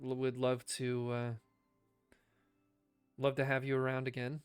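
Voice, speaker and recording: A man voicing a brisk, businesslike female officer who talks matter-of-factly. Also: rumbling low, monotone, clean tone, no echo, soft background music.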